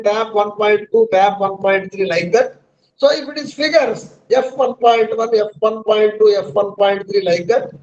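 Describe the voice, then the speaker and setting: Man, Indian English accent, high voice, halting lecture, lo-fi call audio. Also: a little mellow. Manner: halting, many fillers and repeated list items. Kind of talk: online counselling lecture. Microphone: video call. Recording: dull lo-fi online audio.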